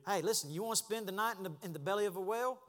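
A man preaching a sermon as pastor, impassioned, dropping to a hush and then rising to a shout. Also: sits high, very fast, long reverb tail. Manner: impassioned, swings from hushed to shouting. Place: church sanctuary.

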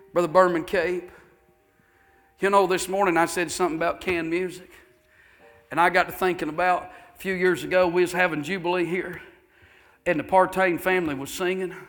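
A man's voice: fairly high pitch, a bit bright. A male pastor preaching a sermon, telling folksy stories with fervor and repeating his phrases.

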